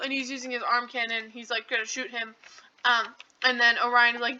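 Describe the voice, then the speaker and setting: A woman with a high, very bright voice talks through a movie recap, rambling from one point to the next. She leans heavily on fillers and "like". The recording is dull and lo-fi. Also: steady tone, normal speed. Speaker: channel host.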